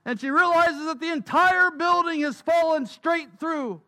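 Emphatic high-voiced male preacher. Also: measured pace, pushed and bright. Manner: emphatic, with repeated phrases. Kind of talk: sermon storytelling.

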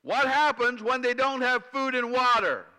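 High-voiced preacher in a reverberant hall. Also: male voice, normal speed, pushed and bright. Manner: questions the congregation, repeats phrases for emphasis. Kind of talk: sermon. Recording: long reverb from a large hall.

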